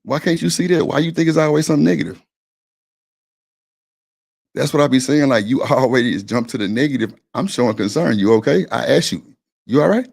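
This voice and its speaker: Blunt, gravelly-voiced man arguing hard. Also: mid-range voice, fairly quick, pauses often. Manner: blunt, insistent, repeats himself, swears freely. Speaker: stream panel host. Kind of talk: heated argument on a live stream.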